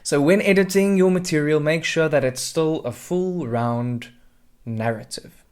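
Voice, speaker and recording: A drama adjudicator and mentor walks through a scripted tutorial on getting a performance ready. Clear and expressive, he uses his own voice to model pitch, pauses and volume. Soft, slightly mellow music plays behind him.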